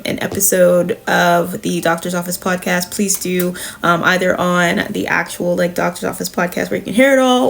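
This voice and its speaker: A woman's voice: medium pitch, vocal fry. A woman hosting a comic review podcast, recapping a horror comic in a chatty, profane way, full of fillers. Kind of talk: casual comic book recap.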